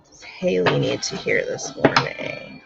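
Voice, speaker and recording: A woman's voice: low-pitched, lively intonation, unhurried, gravelly, dull audio, loud music behind the voice. A woman hosting a casual live-stream oracle card reading, calling her viewers my dear and my love while fighting allergies. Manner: warm-hearted, calls viewers my dear and my love. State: itchy eyes and sneezing from allergies. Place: home, live video stream.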